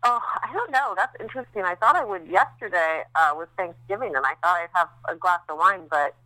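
Bright-voiced woman chatting candidly. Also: fairly low pitch, animated, a little fast, no room sound, poor audio. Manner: chatty, candid storytelling with many fillers. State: recovering after recent childbirth. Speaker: podcast co-host. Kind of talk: casual chat.

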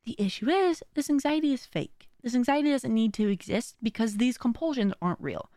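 A woman hosting a podcast, talking in a casual, animated and slangy way and laughing often. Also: a little high, a little fast, no echo, clean studio sound. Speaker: podcast host. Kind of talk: casual chat.

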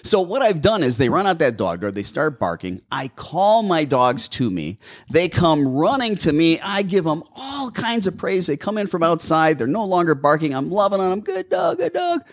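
A man's voice: fairly high pitch, very animated, normal speed, hardly any pauses. A middle-aged man co-hosting a casual talk on dog training, acting out owners and dogs with big jumps in his voice. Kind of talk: casual podcast chat.

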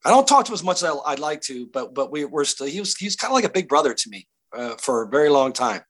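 A man's voice: fairly high pitch, big pitch swings, quick pace, a bit bright. A middle-aged man, an actor guest, telling stories in a casual interview with many restarts and fillers.

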